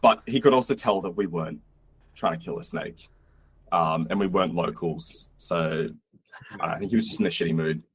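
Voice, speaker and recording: A young man from Australia tells a wild travel story with a low, husky voice. He talks casually and animatedly, slipping into the voices of the people he quotes. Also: brisk, no echo. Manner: animated, acts out quotes, swears. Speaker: podcast guest.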